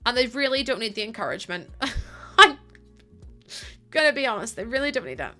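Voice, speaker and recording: A woman's voice: fairly high pitch, very animated, fairly quick, pushed and bright. A young woman live streaming, chatting casually with her viewers, giggling and playfully scolding them. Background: faint music.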